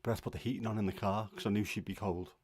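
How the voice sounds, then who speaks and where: A middle-aged man hosts a casual livestream from home, talking in a chatty, grumbling way and poking fun at himself. His voice sits on the low side. The sound is dry and close, with no room echo. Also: fairly even intonation, racing, darkish tone, slightly rough. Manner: chatty, grumbling, self-deprecating. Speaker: livestream host. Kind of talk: casual chat.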